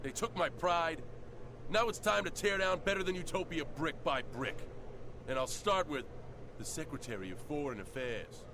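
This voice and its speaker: A man plays a wronged wrestler in a video game, grim and set on revenge. His voice sits a bit high, and clear background noise runs under it. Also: moderate pace, close to an everyday voice. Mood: vengeful. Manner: grim, determined.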